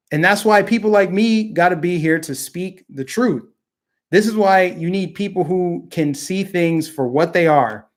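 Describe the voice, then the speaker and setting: A young man hosting a political commentary show, delivering a heated, indignant opinion monologue and mocking the people he criticizes. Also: on the high side.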